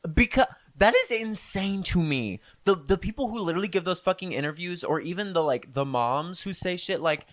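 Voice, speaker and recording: A woman's voice: on the low side, expressive, normal speed, few pauses. A young woman in her twenties co-hosting a podcast, speaking bluntly and sarcastically and swearing freely. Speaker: podcast co-host. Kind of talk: casual podcast chat.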